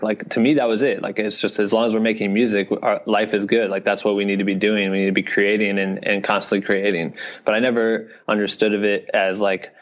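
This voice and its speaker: A low-voiced man from Iowa talks casually as a podcast guest, his delivery flat and even. He rambles loosely with lots of fillers. The audio sounds dull and lo-fi. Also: a little fast. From Iowa, US Midwest. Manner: loose rambling talk full of fillers, "you know what I mean". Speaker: guest, video director and creator.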